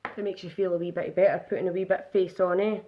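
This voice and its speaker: A woman's voice: lowish voice, fairly even intonation, very fast, lo-fi sound. A woman chatting casually through a live makeup demonstration, narrating each step aloud.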